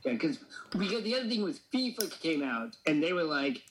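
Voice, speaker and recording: A man's voice: on the high side, big pitch swings, fairly bright tone, poor audio. A man hosting a casual podcast, bantering and tossing in jokes and asides. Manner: joking, quick asides. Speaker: podcast host.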